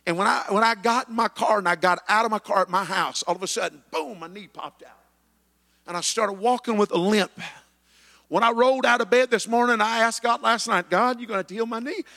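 Male preacher, 50s, high and gravelly, builds to shouting, echoey hall. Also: brisk. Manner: builds to shouted climaxes, chanting amen. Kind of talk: sermon.

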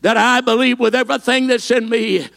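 A man preaching a sermon, impassioned, with frequent "uh" fillers and rising to shouted peaks. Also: very high-pitched, steady tone, brisk, vocal fry.

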